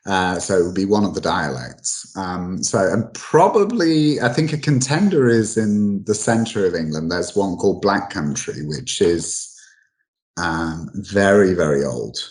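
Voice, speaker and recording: Low-voiced male guest, halting explainer with many restarts, casual talk. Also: sing-song, darkish tone, low-quality recording. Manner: halting, full of restarts and fillers. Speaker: guest expert on English dialects.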